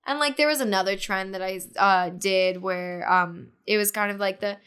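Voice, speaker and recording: Smooth-voiced young woman telling a story. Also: medium pitch, moderate pace. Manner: animated retelling with many fillers, acting out others' lines. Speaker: podcast guest. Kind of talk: casual storytelling chat.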